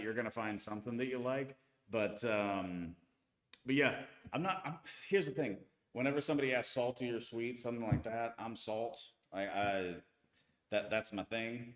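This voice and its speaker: American male streamer, 30s, casual and chatty, mid pitch, echoey room. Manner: chatty, reads viewer comments aloud, frequent restarts. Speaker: live-stream host. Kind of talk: casual live-stream chat. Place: home with tile floors.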